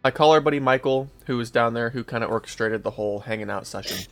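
A man's voice: mid-range voice, fast talker, fairly bright tone, soft background music. A young man hosting a podcast, casually telling a long story to his co-hosts, swearing freely and laughing along. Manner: laid-back, swears often, laughs at his own story. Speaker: podcast host.

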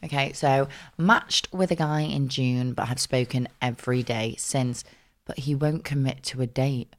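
Young manchester woman, really deep voice, bit southern on her vowels, chatty teasing podcast banter. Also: measured pace. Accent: Manchester, often with southern English vowels. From South Manchester, England. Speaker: podcast co-host. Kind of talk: casual chat.

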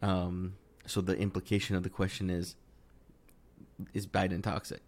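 A man co-hosting a casual podcast conversation, talking in a lively way that climbs higher when he gets worked up, with frequent restarts. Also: moderate pace. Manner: animated, rising in pitch when worked up, many restarts. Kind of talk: casual political chat.

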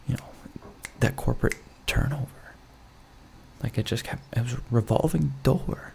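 A man's voice: medium pitch, moderate pace, gravelly, warm tone, a little hiss or hum. A young man hosting a solo podcast from his bedroom, rambling with lots of fillers and restarts, with dry self-mocking humor. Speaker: podcast host. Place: his bedroom, lamp in the corner.

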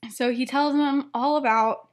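A woman's voice: high-pitched, steady tone, measured pace. Rambling woman retelling a story. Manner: rambling retelling, heavy use of filler 'like'. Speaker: podcast co-host. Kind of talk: casual storytelling chat.

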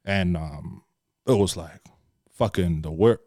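A young man guests on a podcast, telling candid stories from his life in a casual way, swearing freely and calling everyone bro. His voice is low and warm, and he takes it slowly. The studio recording is clean, with no room sound.

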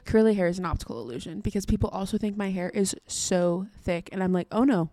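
A woman's voice: mid-range voice, fast talker, dark tone, no room sound, studio quality. A young American woman co-hosting a podcast, chatty and giggly, joking at her own expense. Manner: giggly, chatty, self-deprecating. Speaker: podcast co-host. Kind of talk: casual chat.

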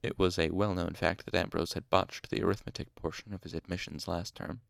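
A man reading a novel aloud in first person, with wry, measured storytelling. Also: sits low, steady tone, creaky, no room sound, clean studio sound. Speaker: audiobook reader.

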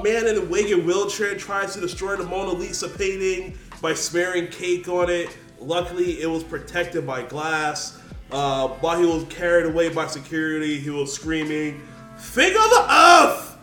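A man co-hosting a relaxed podcast chat in a slightly high voice, moving from news item to news item and laughing easily. He sounds some way off the mic in an echoey room, with faint music underneath. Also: moderate pace, recorded from a distance. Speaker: podcast co-host. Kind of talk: casual chat.

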